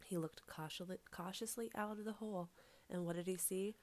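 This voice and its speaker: A woman's voice: on the low side, brisk. A woman storyteller narrating a folk tale expressively, with rhythmic repetition. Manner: expressive, repeats phrases for rhythm.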